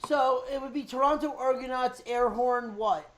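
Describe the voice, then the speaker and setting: A woman co-hosting a podcast, giving an offhand, relaxed rundown of the news in casual chat. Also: high voice, moderate pace. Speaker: podcast co-host.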